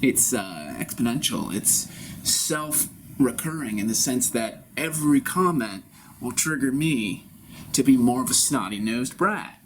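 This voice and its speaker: A grown man performing an improvised theatrical monologue in character, rambling and swinging between loud bursts and soft whispers. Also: mid-range voice, lively intonation, unhurried, a little hiss or hum, low-quality recording. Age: adult.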